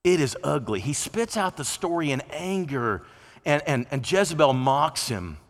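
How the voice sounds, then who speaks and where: A man's voice: on the high side, animated, normal speed. A man preaching a sermon from a church pulpit in a folksy, conversational way, sometimes acting out the voices of people he quotes. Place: church sanctuary. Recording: long reverb of a church hall.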